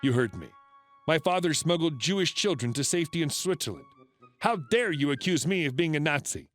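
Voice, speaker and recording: A man voicing a dignified, elderly German woman deli owner who speaks in a stern, measured way. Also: a little high, lively intonation, fairly bright tone, faint music behind.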